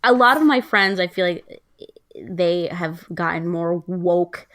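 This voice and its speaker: A woman's voice: fairly low pitch, slow, fairly bright tone. A woman speaking candidly on a casual podcast, emphatic and given to sassy asides. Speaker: podcast guest. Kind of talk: casual chat.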